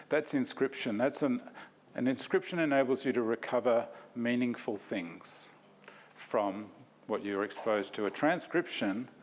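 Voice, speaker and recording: A man giving an academic talk, reflective and self-deprecating, in a lecture hall. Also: mid-range voice.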